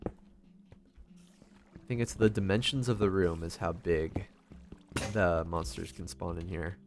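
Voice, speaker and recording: Low-voiced man rambling over gameplay. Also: slow pace. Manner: rambling, self-deprecating, swears often. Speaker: gaming vlogger. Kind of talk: casual gameplay commentary.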